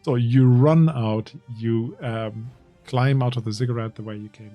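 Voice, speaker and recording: A man narrating as game master in a tabletop role-playing game, describing scenes in an unhurried way. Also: medium pitch, steady tone, warm tone, soft background music.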